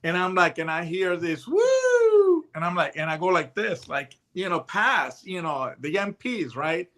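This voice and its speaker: A man in his sixties, a retired hostage negotiator, telling stories in a casual, animated way and acting out the voices in them. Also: on the high side, moderate pace. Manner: animated storyteller who acts out voices in his tales. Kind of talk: casual anecdotal storytelling.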